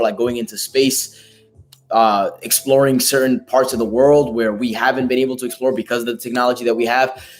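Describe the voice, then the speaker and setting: A man with a hoarse, raspy voice giving an emphatic, profane motivational talk as host of a live stream. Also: medium pitch. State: hoarse from a lost voice.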